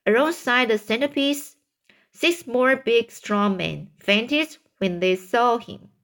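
Woman, storybook read-aloud, slow, fairly high voice, halting, restarts words. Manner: raises pitch for characters' shouted lines. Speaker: reader. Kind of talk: reading a children's book aloud.

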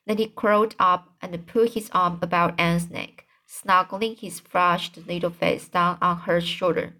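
A woman's voice: lowish voice, little pitch movement, measured pace, few pauses, sharp tone. A woman reading a classic novel aloud as an amateur audiobook narrator, with occasional slips and restarts. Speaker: audiobook reader.

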